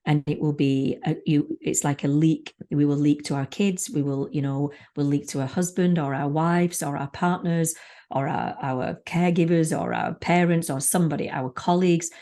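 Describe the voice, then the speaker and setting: A woman's voice: low-pitched, fairly even intonation, normal speed, warm tone. A woman who is a spiritual mentor, a guest on a podcast, speaking frankly and swearing freely in casual conversation.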